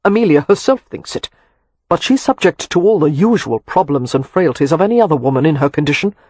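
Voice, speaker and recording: A weary, protective husband with a husky, slightly high voice, as a male reader plays him. He speaks earnestly with a wry edge, close and dry on the mic. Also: lively intonation, a little fast, darkish tone, no room sound. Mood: heated.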